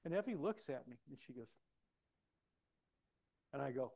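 A man preaching a personal testimony, acting out dialogue and swinging from soft to loud. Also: mid-range voice, moderate pace, vocal fry. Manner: animated, acts out dialogue, big swings in loudness. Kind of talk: sermon storytelling.

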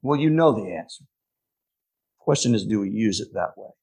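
Husky male preacher giving a sermon. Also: lowish voice, expressive, a little mellow. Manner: emphatic, slows down for key phrases. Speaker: pastor.

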